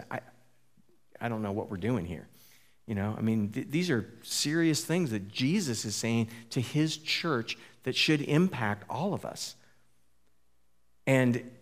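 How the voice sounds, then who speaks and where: A pastor giving a conversational sermon, often restarting phrases and asking his listeners questions. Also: mid-range voice. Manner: informal, repeats words, asks the listeners questions.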